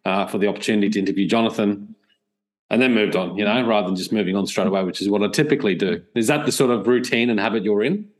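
A podcast host speaks over a remote call. His voice is low for a man. He muses slowly and hesitantly as he asks his questions. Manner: slow, thoughtful, hesitant. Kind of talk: interview questions.

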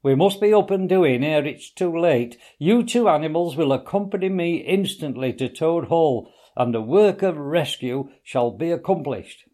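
A man's voice: fairly high pitch, animated, mellow, voice pushed up, natural voice. A man voicing a stern, wise old male badger who speaks firmly and severely in a storybook reading. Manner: firm, severe and measured.

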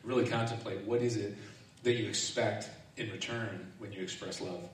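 Relaxed male preacher in an echoing hall. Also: on the low side, moderate pace. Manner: relaxed, self-mocking storyteller who often laughs. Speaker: pastor. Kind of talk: sermon. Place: large echoing hall or sanctuary. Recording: echoey room, distant mic, faint noise.

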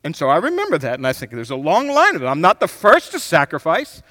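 A man preaching a sermon as pastor, swinging from loud, emphatic bursts down to hushed, reflective passages. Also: fairly high pitch, huge pitch swings, fast talker. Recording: long hall reverb.

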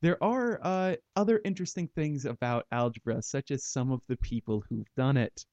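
A man's voice: medium pitch, moderate pace, darkish tone, no echo, highs cut off. A man hosting a casual math podcast, rambling through ideas and making puns. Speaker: podcast host. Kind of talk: casual chat about math.

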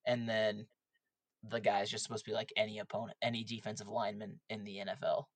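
A man's voice: lowish voice, level tone, fast talker, no echo. Young man, podcast co-host, casual teasing, dry room. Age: young adult. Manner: recaps draft picks, light teasing. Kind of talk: casual sports podcast chat.

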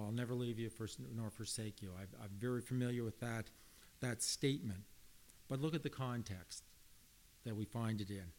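Earnest male preacher reading scripture. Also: mid-range voice. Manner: earnest, emphatic with restarts, reading scripture aloud. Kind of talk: sermon.

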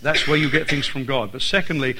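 A man's voice: medium pitch, fairly quick, background noise. Irish man preaching with repeated emphasis. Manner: emphatic, repeats phrases for stress. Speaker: visiting preacher. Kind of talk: sermon.

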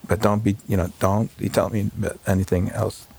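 A man, a rabbi, recalling a painful day in an emotional interview, talking in halting bursts with many fillers and restarts. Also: lowish voice, level tone, gravelly, darkish tone, breathy edge. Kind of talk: emotional personal recollection. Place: home.

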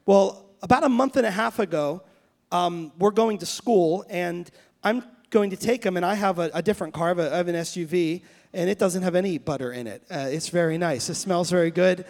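A man in his thirties preaches a sermon in a notably high voice. He tells stories in a loose, self-interrupting way, often restarting his sentences. He then rises into fervent, emphatic preaching. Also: brisk. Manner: anecdotal storytelling with many restarts. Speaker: pastor.

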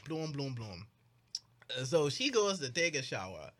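A young man co-hosting a podcast, recounting a story in casual chat with animated, mock-outraged delivery and quick put-on voices. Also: high-pitched. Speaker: podcast co-host.

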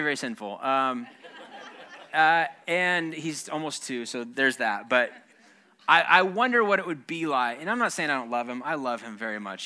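Bright-voiced male pastor, joking and conversational. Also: on the high side. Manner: humorous, conversational, with frequent restarts and asides to the congregation. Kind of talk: sermon.

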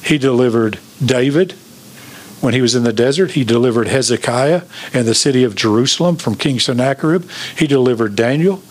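Man, pastor, sermon, emphatic preaching, questions to the congregation, mid-pitched voice. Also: a little fast.

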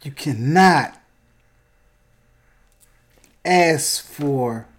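A man, telling a story in casual chat and acting out the quoted voices loudly. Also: fairly high pitch, very slow.

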